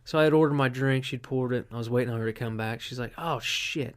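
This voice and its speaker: A man's voice: medium pitch, fast talker, smooth. A man hosting a solo podcast, telling rambling, profane stories with lots of fillers. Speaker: podcast host. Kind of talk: casual solo podcast monologue.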